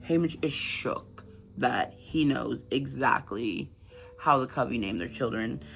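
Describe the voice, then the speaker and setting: A man's voice: mid-range voice, animated, measured pace, vocal fry, fairly bright tone. A man casually recapping a novel's plot in a chatty, filler-heavy way. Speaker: book channel host. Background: background music.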